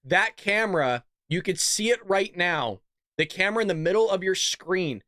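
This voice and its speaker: Male host for political commentary, mocking and sarcastic, animated pitch, dry close mic. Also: normal speed, no room sound. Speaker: show host.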